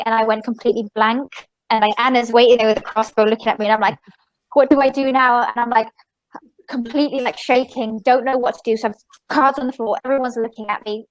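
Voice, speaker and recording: A woman magician and podcast guest, telling a story in a rambling, animated way with many fillers and restarts. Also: a little high, fast talker, poor audio. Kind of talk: casual storytelling interview.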